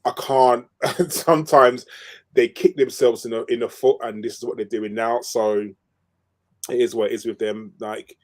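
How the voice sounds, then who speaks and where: A man's voice: medium pitch, fairly even intonation, normal speed. A man co-hosting a fan podcast, giving strong football opinions in an emphatic way with fillers. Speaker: podcast co-host. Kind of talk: casual football chat.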